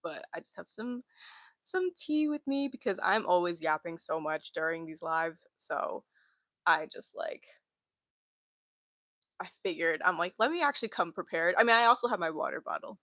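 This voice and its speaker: Young woman, twenties, casual streamer; yappy and giggly, bright tone, close and dry. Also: on the low side, lively intonation, normal speed, no room sound. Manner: rambling, chatty, giggly. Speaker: livestream host. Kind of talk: casual livestream chat. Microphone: laptop mic.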